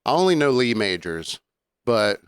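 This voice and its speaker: A man co-hosting a podcast in casual chat, talking in a relaxed, laid-back way. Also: mid-range voice, a little slow, smooth, dry recording. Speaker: podcast co-host, musician.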